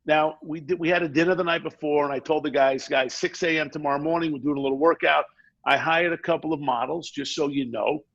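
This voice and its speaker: A middle-aged man, a guest on a podcast, telling a story in a fast, energetic way and acting out quotes. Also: a little high, creaky, muffled recording. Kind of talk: animated storytelling.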